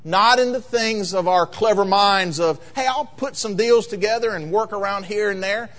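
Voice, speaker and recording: A man preaching a sermon as pastor, emphatic and rising to loud peaks in a church sanctuary. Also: high voice, normal speed. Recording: long reverb of a large hall.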